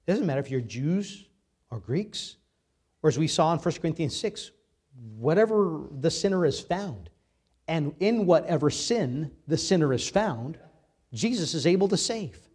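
A man preaching a sermon, reading scripture aloud with emphatic, dramatic swings between loud and soft. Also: on the high side, animated, normal speed, slightly rough. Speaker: pastor.

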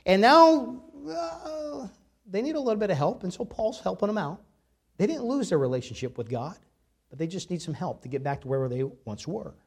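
A man preaching a sermon, reading scripture aloud with emphatic, dramatic swings between loud and soft. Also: high voice, big pitch swings, moderate pace, husky. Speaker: pastor.

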